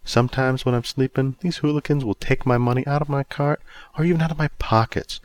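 A man voicing a sweet, soft-spoken old homeless woman. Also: mid-range voice, fairly even intonation, a little fast, voice pushed up, close to an everyday voice. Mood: gentle.

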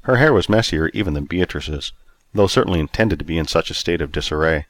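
A man's voice: low-pitched, fast talker, no room sound. A man narrating a story expressively and acting out each character in turn. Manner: expressive, acts out every character.

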